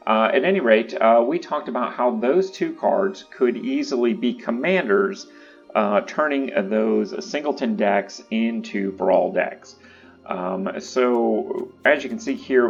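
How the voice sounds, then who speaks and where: A man hosting his own channel, talking through card decks in a casual, relaxed way with lots of uh and um fillers. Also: mid-range voice, highs cut off. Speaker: YouTube channel host. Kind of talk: casual deck-building commentary.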